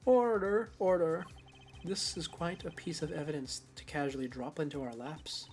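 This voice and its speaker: A woman voicing a stern, pompous older male judge making loud formal pronouncements. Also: deep voice, normal speed, pitched below the performer's own voice, natural voice.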